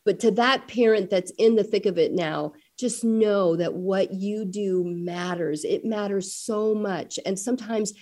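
A middle-aged woman talks as a guest in an interview, recounting parenting stories. She acts out the voices of her family with animated swings, sometimes loud and high. Her voice sits in an ordinary middle range. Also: unhurried, hardly any pauses. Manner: animated storyteller acting out family dialogue. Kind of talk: conversational interview storytelling.

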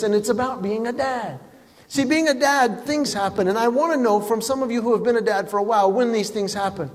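A middle-aged man doing a stand-up comedy routine, telling family stories with animated punchlines on stage in a large hall. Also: very high voice, fast talker. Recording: reverberant hall with faint ambience.

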